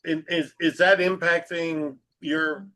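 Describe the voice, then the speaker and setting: A man's voice: on the high side, steady tone, bright, forceful tone. A man hosting a casual interview, asking questions and joking easily with his guest. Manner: joking, quick to laugh. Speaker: host.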